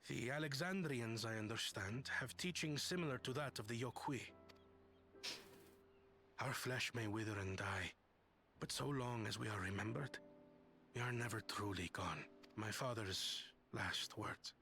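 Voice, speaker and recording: A calm young leader thinks over his grief in a measured, thoughtful way. His tone is bright and clear at a middle pitch, and soft game music plays under him. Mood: reflective. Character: calm, reflective young man, grieving leader.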